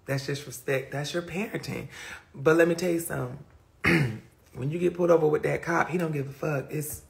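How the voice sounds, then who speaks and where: A man's voice: a little high, fairly even intonation, normal speed, gravelly, slight background noise. A young man hosting a live stream, talking in a casual, rambling way that often trails off into mutters and questions himself. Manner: reflective, self-questioning. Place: indoors, streaming from a phone. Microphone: phone mic.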